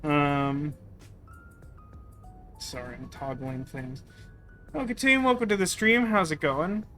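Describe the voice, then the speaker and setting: A man's voice: a little high, slow pace, bright, forceful tone, soft background music. A man streaming a video game, talking in a wry, rambling, sarcastic way in casual let's-play commentary.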